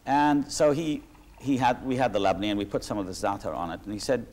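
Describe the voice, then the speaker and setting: A man's voice: medium pitch, brisk, a little mellow, a little hiss or hum. A man speaking as the interviewee in a reflective conversation, talking in long discursive sentences with frequent restarts and asides. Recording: 1986 archival talk recording.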